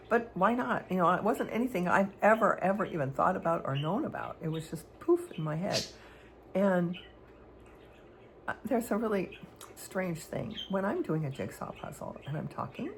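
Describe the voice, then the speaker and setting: A woman's voice: fairly low pitch, lively intonation, normal speed, creaky, a little hiss or hum. A woman vlogger telling personal stories in a rambling, hesitant way, full of fillers and restarts. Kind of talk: candid personal storytelling.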